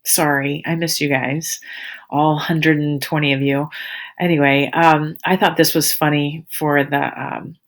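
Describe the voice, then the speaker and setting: A woman's voice: deep voice, level tone, measured pace. A woman in her forties, a teacher, telling her students a rambling, amused story in a casual, chatty way.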